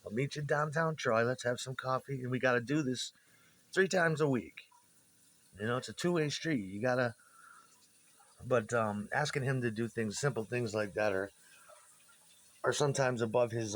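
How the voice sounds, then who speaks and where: Speaking at a moderate pace with long pauses, this medium-pitched man wanders through stories of former bandmates. The monologue is casual and profane, full of restarted sentences.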